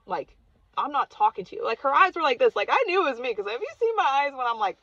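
A woman's voice: high voice, sing-song, fast talker, a bit bright, no room sound, dull audio. A woman vlogger casually telling a personal story, earnest and chatty, saying "like" constantly.

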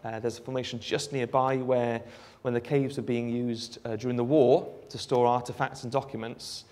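A Welsh man giving a live demonstration of a phone app, explaining in a relaxed way with frequent ums. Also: medium pitch, normal speed. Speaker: app developer giving a presentation. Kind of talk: live product demo talk.

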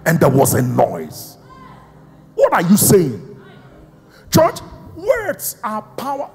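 High, animated preaching man in a hall. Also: vocal fry. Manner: emphatic preaching with call-and-response questions to the congregation; swings between shouting and hushed, slow emphasis. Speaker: apostle and senior pastor. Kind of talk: live Pentecostal sermon. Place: large church auditorium. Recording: live church hall reverb with faint music.

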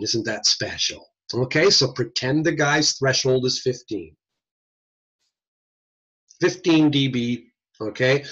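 Folksy male lecturer, animated pitch, husky tone, lo-fi call audio. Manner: lively, folksy teaching with slang. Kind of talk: recorded online lecture. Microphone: computer mic on a video call.

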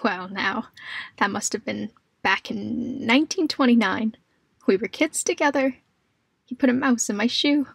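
A woman's voice: a little high, measured pace, vocal fry, husky, no echo, studio quality, exaggerated voice. A woman voicing a frail elderly woman who fondly chats with a young neighbor in a horror audio story. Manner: sweet, fond, chatty.

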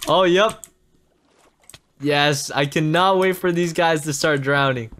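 A man hosting a gaming channel, giving excitable gameplay commentary straight to his viewers. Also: a little high, takes it slowly.

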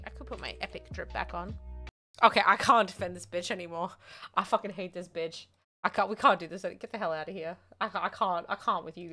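Her voice mid-range and the recording dry, an Australian woman chats on her livestream. She's excitable and rambling, and swears often while addressing her chat.

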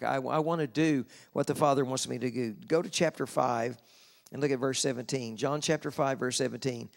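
Gravelly-voiced man preaching. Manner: slows down to read scripture, rises in pitch for emphasis. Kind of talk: sermon. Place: convention hall.

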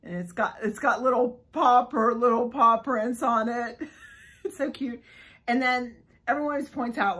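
A woman filming a casual unboxing vlog, gushing and giggling excitedly as she talks. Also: medium pitch, breathy edge, rough recording. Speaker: vlogger unboxing a subscription box.

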